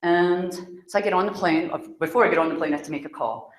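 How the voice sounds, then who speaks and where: A woman's voice: on the low side, quick pace. A middle-aged woman from Scotland, a spiritual speaker who tells stories to a live audience. She acts out the dialogue in her stories and laughs often. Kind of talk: storytelling talk to a live audience. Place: room with an audience. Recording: roomy, echoey hall sound.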